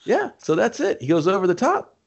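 A man's voice: sits high, huge pitch swings, a little fast, gravelly, husky, highs cut off. A man co-hosting a casual movie recap, swearing, joking and growling out villain impressions. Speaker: podcast co-host.

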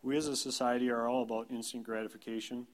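A man's voice: mid-range voice, flat delivery, fast talker. A man in his thirties, a pastor, giving a sermon in a plain, conversational storytelling way, self-deprecating. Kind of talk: sermon with personal anecdotes.

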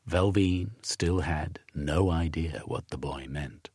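Slow, husky male audiobook narrator. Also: rumbling low, dry recording, studio quality. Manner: measured, expressive storytelling. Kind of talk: scripted narration.

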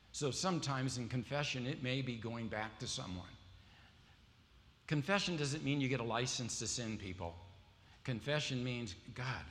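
A man's voice: medium pitch, fairly bright tone. A man preaching a sermon to a congregation, telling stories and quizzing the audience with questions. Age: adult with wife and kids. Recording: long hall reverb, faint ambience.

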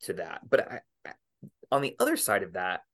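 Animated man hosting a podcast. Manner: animated, laughs often, quick pitch jumps when excited. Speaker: podcast host. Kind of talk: casual podcast chat.

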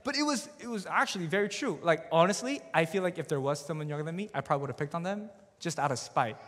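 A man's voice: on the high side, fast. A young man in his twenties, a youth pastor telling a personal story in a sermon, talking casually and acting out the dialogue. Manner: conversational, animated, acts out quoted dialogue. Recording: reverberant hall.

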